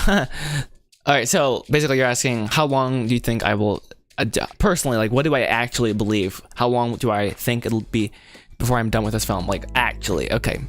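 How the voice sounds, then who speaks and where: A man's voice: medium pitch, a little fast, a bit bright, soft background music. A man chatting casually on a livestream while writing a script, rambling, correcting himself and laughing often. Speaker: animation filmmaker livestreaming his script writing.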